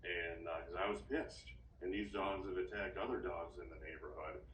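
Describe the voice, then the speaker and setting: A man talking in a therapy session, halting and rambling with frequent restarts, recorded from a distance in an echoey room. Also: sits low, fairly even intonation, a bit bright, slight background noise. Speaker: therapy client. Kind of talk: casual session talk. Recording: echoey room, distant mic, faint ambience.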